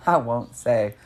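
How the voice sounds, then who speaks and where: A woman's voice: a bass voice, a little mellow. A young adult woman, a podcast co-host, telling a story in casual chat and acting out the quoted lines with big jumps in her voice.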